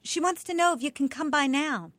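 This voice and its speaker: A woman playing a brisk suburban mom. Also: high voice, a bit bright, dry recording, voice pushed up. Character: strict suburban mother, brisk.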